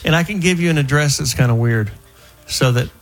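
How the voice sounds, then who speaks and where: A man's voice: fairly high pitch, fairly quick, soft background music. A man hosting a call-in radio talk show, chatting loosely with callers and guests, often restarting his sentences. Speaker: radio host.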